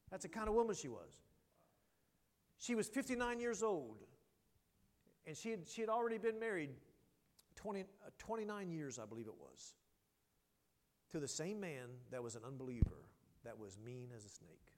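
A male pastor preaching a sermon, telling a story with passion and dropping from loud to hushed. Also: sits high, lively intonation, brisk. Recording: long hall reverb.

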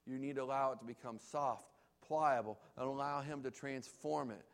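Gravelly pastor preaching an emphatic sermon. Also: male voice, mid-range voice, normal speed. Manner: emphatic, repeats key phrases.

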